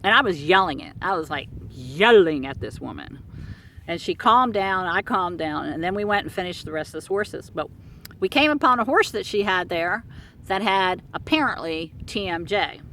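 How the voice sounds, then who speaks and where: A woman's voice: lowish voice, normal speed, a little hiss or hum. Rambling middle-aged woman telling a story. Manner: rambling, animated, many fillers and restarts. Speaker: horse care practitioner telling a client story. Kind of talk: casual storytelling.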